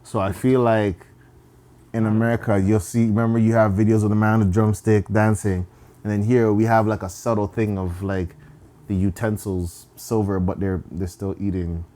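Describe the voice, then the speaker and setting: A man co-hosting a podcast in casual chat, animated and quick to act out bits. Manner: animated, acts out loud high-pitched impressions while laughing. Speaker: podcast co-host.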